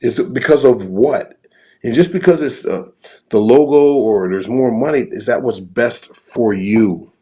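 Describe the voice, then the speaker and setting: A man's voice: mid-range voice, a little slow, warm tone, slightly rough. A middle-aged man, a football coach guesting on a podcast, telling a story earnestly and repeating words as he goes.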